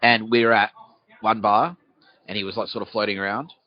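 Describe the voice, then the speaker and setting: A man's voice: on the low side, level tone, brisk. An Australian man hosting a podcast, rambling through a comic monologue outdoors on a city street, swearing freely and answering his own questions. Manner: swearing, asks himself questions and answers them. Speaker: podcast host. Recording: dull lo-fi recording.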